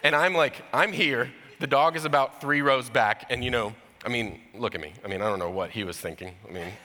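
Bright-voiced man preaching in a hall. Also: medium pitch, fairly quick, slight background noise. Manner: storytelling, animated with sudden voiced impressions. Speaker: pastor. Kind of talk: sermon.

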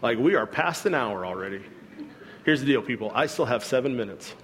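A man's voice: mid-range voice, lively intonation, a little fast, long reverb tail, background noise. A man preaching a sermon as a pastor, in a conversational way with self-deprecating humor, acting out quoted voices. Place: church hall.

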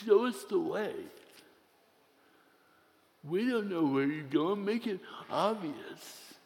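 A man's voice: high voice, lively intonation, slow pace, creaky, darkish tone. A man preaching a sermon, telling a personal story with playful humor before turning to scripture. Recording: long reverb of a large hall.

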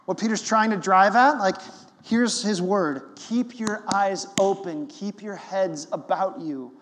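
A high-pitched male pastor delivering a sermon in an emphatic, conversational way. His voice carries a long reverb from a large church hall. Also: unhurried, noisy background.

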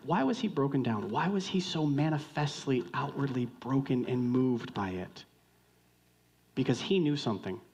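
A man preaching a sermon in a conversational, joking way, swinging from loud outbursts to hushed lines and questioning the congregation directly. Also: mid-range voice, expressive, normal speed, slightly rough. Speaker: pastor.

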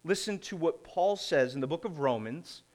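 A middle-aged man preaching a conversational sermon, posing rhetorical questions and pausing deliberately. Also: a little high, animated, darkish tone. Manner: slow, deliberate delivery with pauses. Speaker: pastor.

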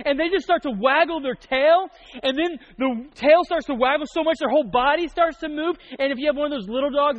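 Young male pastor with a very high voice. Chatty sermon, jokey asides, dull lo-fi recording. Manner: conversational and joking, with quick asides.

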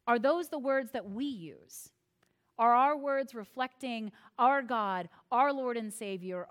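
A woman pastor delivering a sermon, telling stories with lively acted-out quotes. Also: a little high. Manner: animated storytelling, acts out quoted voices.

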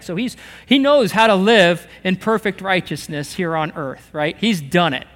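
A higher-voiced man preaches in a church, his voice ringing with long reverb through the room. He tells stories with animation and acts out small back-and-forth conversations as he goes. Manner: animated storytelling, acting out little dialogues. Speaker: pastor. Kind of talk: sermon. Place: church sanctuary.

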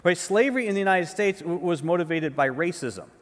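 A man's voice: high voice, lively intonation, a little fast. Man preaching in a reverberant hall. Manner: conversational preaching, repeats words, often asks "right?". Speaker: pastor. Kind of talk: sermon. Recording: long reverb of a large hall.

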